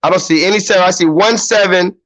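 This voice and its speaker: A man's voice: high-pitched, fast talker, fairly bright tone, low-quality recording. A man hosting his own livestream, talking loosely and with swearing straight to his viewers. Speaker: YouTube livestream host. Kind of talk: casual livestream chat.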